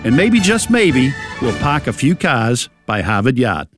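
A man's voice: very animated, measured pace. A man from Boston with a Boston accent, a radio co-host doing a chatty promotional spot. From Boston, United States. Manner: chatty, upbeat pitch. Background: music.

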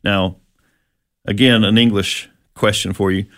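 Low-voiced man teaching scripture. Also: fairly even intonation, unhurried, fairly bright tone, no room sound, studio quality. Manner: explains step by step, asks rhetorical questions. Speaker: Bible teacher. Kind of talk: conversational Bible teaching.

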